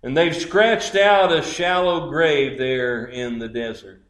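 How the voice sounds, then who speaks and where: A man's voice: on the high side, slow, fairly bright tone. A man preaching a sermon, telling stories dramatically and acting out the people in them. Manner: dramatic storytelling, voicing characters in quotes. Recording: roomy echo.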